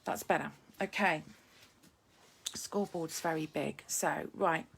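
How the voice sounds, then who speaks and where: A woman's voice: sits low, steady tone, takes it slowly, creaky, fairly bright tone, husky. A middle-aged woman running a live card-making demo, chatting and poking fun at herself while she greets viewers and works at her desk. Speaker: papercraft demonstrator.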